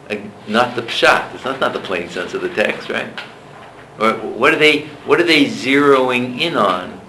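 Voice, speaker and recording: A male lecturer leading a seminar, talking in a discursive, halting way with frequent restarts. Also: medium pitch, pushed and bright, roomy sound, slight background noise, low-quality recording.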